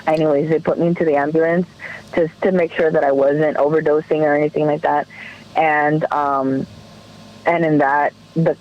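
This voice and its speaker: A woman's voice: low-pitched, darkish tone, lo-fi sound. A woman guest on a podcast telling a personal story in an earnest, emotional way, often restarting her sentences.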